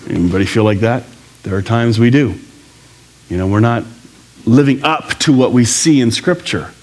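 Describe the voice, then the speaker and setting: Male pastor, lively sermon, casual asides, mid-pitched voice. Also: normal speed. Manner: animated, conversational, jokey asides.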